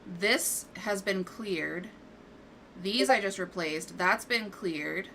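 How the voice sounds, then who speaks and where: A woman's voice: medium pitch, drawn-out words, pushed and bright, slight background noise. Exasperated woman talking over gameplay. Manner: exasperated, swears freely, baby-talks to her cat. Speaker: gaming streamer. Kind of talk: casual gameplay commentary. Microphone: desk microphone.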